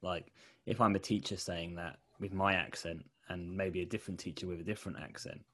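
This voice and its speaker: A man's voice: sits low, steady tone, brisk, fairly bright tone. A middle-aged man with a Portsmouth accent interviewing a guest, asking hesitant, self-correcting questions. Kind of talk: conversational interview.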